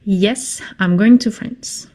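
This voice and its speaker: A woman teaching a French lesson in English, speaking slowly and patiently and repeating phrases for her learners. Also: medium pitch, warm tone. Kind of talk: slow classroom lesson.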